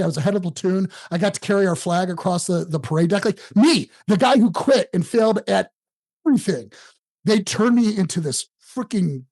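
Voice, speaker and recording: A man in his forties from the Detroit area tells his story as a podcast guest. His voice sits high for a man, and he talks in a lively, self-mocking way. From Detroit area, USA. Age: 40s. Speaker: podcast guest, home-selling coach. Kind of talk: casual storytelling interview.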